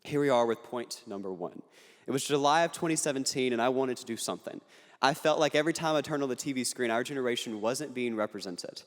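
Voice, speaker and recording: A young man addresses a crowd from the stage with earnest conviction, mixing quick jokes into his points. His voice sits at an ordinary pitch, and the long reverb of a big hall trails behind every line. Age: young adult. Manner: earnest, punchy delivery with jokes. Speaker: political speaker. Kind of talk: speech to an audience. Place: large hall on a university campus.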